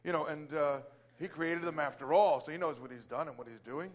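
Brisk and notably high-voiced, this man is a Christian business owner sharing a loose, rambling faith testimony. He keeps restarting sentences and relying on fillers, with bursts of praise as he goes.

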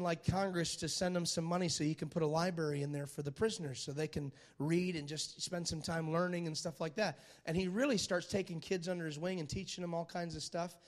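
A man preaching a sermon who retells a film story with dramatic energy, repeats phrases for emphasis and keeps asking the listeners whether they are following him. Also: sits high. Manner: animated, dramatic storyteller who asks the crowd for agreement.

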